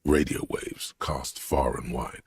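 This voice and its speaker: A man voicing a grave omniscient game narrator, with slow, measured descriptive delivery. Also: steady tone, exaggerated voice. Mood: solemn. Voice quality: very deep, gravelly voice. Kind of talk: scripted narration.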